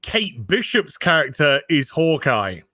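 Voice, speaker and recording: A man's voice: on the high side, big pitch swings, sharp tone, no echo, clean studio sound. A man joining a livestream as a guest, chiming in casually and correcting details. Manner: quick interjections, corrects details. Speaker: guest co-host. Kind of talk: casual chat.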